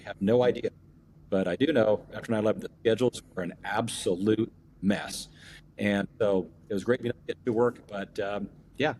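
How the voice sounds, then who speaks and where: A middle-aged man, an airline captain and union rep, telling a long story as a podcast guest and pausing often on fillers and restarts. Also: lowish voice, a little mellow, slight background noise. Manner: rambling, many fillers and restarts. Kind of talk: storytelling in an interview.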